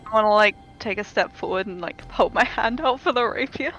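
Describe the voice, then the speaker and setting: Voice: medium pitch, fairly quick, fairly bright tone, muffled recording, soft background music. A player at a tabletop game, bantering eagerly and competing for loot.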